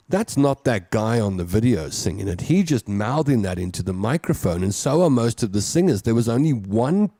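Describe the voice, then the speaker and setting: A man's voice: mid-range voice, mellow, no echo, clean studio sound. Chatty man hosting a show. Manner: chatty, reads comments aloud and riffs on them. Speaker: radio show host reading listener comments. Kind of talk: casual chat.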